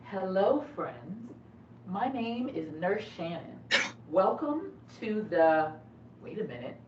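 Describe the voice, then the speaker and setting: A woman nurse teaching children about lungs in a lively, playful way. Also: medium pitch, slow, slight background noise. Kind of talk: lesson for children. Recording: echoey, distant lo-fi room.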